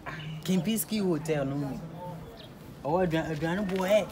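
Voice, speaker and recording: A man with a Ghanaian accent doing an improvised comedy skit, loud and switching between Twi and pidgin English. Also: on the high side, moderate pace, a crowd in the background.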